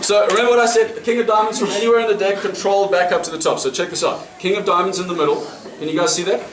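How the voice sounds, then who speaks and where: A man's voice: sits high, fairly even intonation, racing, reverberant, heavy background noise. A man from South Africa with a South African accent, performing card magic in a restaurant and chatting to his audience with frequent laughs. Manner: chatty, laughing between lines, asks audience questions. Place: restaurant, indoors.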